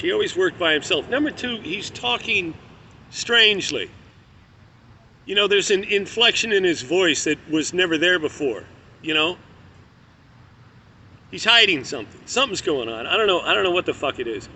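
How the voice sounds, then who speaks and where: A man recounts a personal story in a loose, conversational way, cursing as he goes. His voice sits high and rings very bright and sharp, with faint street and traffic noise behind him. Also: lively intonation, normal speed. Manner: candid, profane, conversational. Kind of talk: casual spoken storytelling.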